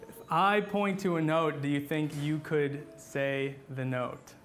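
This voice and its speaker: Slow, halting man teaching a class. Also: fairly high pitch, a bit bright, a little hiss or hum. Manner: patient, halting, with many fillers and restarts; sings short examples. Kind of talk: classroom lesson on chant.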